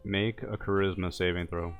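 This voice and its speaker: A man acting as game master, calmly describing scenes and calling for dice rolls in a tabletop game. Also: sits low, normal speed, phone-quality sound.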